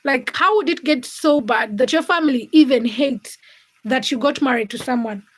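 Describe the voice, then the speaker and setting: A woman with a high voice hosts a casual livestream from her home. She chats in a gossipy way and addresses her viewers directly, as if they were right there with her. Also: normal speed. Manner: chatty, gossipy, talks straight to viewers. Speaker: livestream host. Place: home, cooking during livestream.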